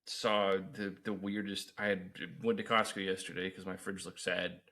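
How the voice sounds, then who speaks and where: A man's voice: low-pitched, flat delivery, moderate pace, pushed and bright. A young man co-hosting a podcast, chatting casually, rambling with lots of fillers and swearing. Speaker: podcast co-host. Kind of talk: casual chat.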